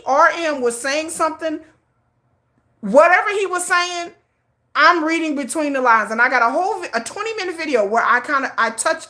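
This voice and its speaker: A middle-aged woman talks her way through a casual livestream, circling back and restarting her sentences as she goes. Her voice is bright and forceful and sits slightly high, and she keeps the energy animated. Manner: rambling, repeats and restarts, animated. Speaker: livestream host.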